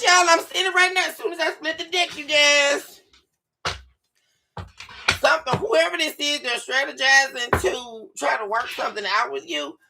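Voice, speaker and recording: A woman hosting a live tarot stream on a webcam mic from home, excitable and laughing often as she chats casually with her viewers. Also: mid-range voice, background noise. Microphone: webcam microphone.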